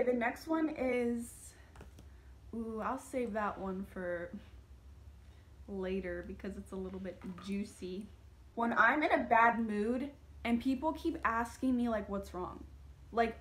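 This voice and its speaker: A young woman vlogging a casual rant, chatty and full of "like", slipping into animated quoted asides. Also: fairly high pitch.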